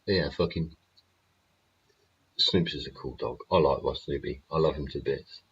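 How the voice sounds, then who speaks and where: A man's voice: a bass voice, fairly even intonation, normal speed, husky, lo-fi sound. A man hosting his show in a casual, sweary, rambling monologue, laughing often. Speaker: show host. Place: home studio.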